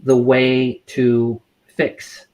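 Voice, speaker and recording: A middle-aged man, a mental health counselor, answering interview questions in a measured way, full of fillers and restarts. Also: medium pitch, monotone, darkish tone. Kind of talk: interview guest.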